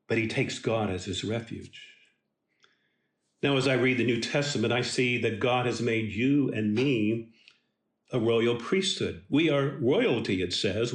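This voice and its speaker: A man giving a devotional Bible teaching in a slow, emphatic and earnest way. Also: medium pitch, roomy sound.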